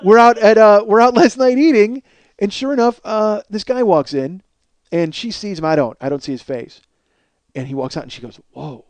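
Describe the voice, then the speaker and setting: A man's voice: high-pitched, normal speed, dry recording. A man hosting a comedy podcast, telling a profane story and acting out both sides of the conversation in a ranting manner. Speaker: podcast host.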